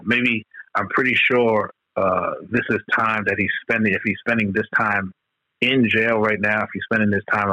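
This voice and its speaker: A man's voice: fairly low pitch, bright, forceful tone, dry recording, poor audio. Profane man riffing in casual chat. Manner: loose, profane, rambling street talk.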